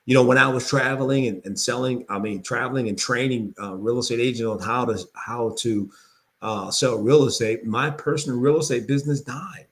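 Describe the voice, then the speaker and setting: A man coaching real estate agents in an energetic sales pitch, repeating phrases for emphasis. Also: fairly quick.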